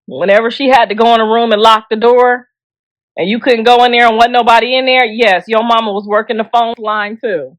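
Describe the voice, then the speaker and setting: Speaking fairly quickly in a slightly high, steady voice, a middle-aged female host gives casual commentary on celebrity gossip over a dry recording. She is blunt and joking, laughs a lot, and addresses viewers directly in slang.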